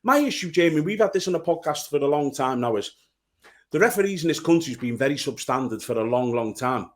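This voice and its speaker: A man's voice: on the high side, animated, brisk. A man co-hosting a football podcast, blunt and heated, swearing freely as he rants. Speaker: podcast co-host. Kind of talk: casual football chat.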